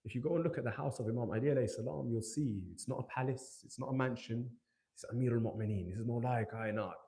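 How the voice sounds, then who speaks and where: A man's voice: medium pitch, fast, dark tone. A man gives a religious talk to young people in a hall, telling stories, acting out quoted dialogue and asking rhetorical questions. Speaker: youth majlis speaker.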